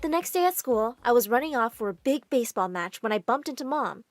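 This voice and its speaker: A woman narrating an animated story in the first person, in an animated, expressive storytelling manner. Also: fairly high pitch, fairly quick, soft background music.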